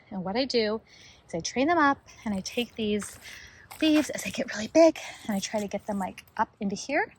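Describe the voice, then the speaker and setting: A woman's voice: on the high side, slight background noise. Chatty woman touring her garden outdoors. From Northern California. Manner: chatty and enthusiastic, talks to viewers as "you guys". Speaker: homestead gardening vlogger. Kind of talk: casual walking garden tour. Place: outdoors in a home vegetable garden.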